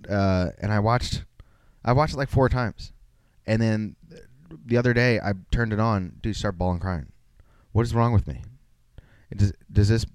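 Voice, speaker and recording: A man's voice: fairly low pitch, darkish tone, smooth, no echo. A young man hosting a solo podcast, rambling casually with lots of swearing and self-mocking asides. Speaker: podcast host.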